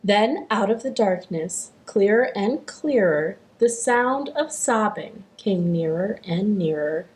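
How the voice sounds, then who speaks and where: A woman hosting a children's storytime, reading a story aloud and cheering the kids on in an animated, encouraging way. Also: mid-range voice, slow pace, hardly any pauses, a little hiss or hum. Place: living room. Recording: echoey living room.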